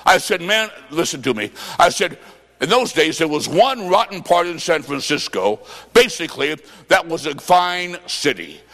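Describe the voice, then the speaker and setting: A fervent evangelist man preaching in a big hall, his fairly high voice ringing out with a long echo. He shouts his points and tells stories in quoted dialogue, sometimes drawing words out almost into song. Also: big pitch swings, normal speed, creaky. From Illinois, United States. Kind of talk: revival sermon.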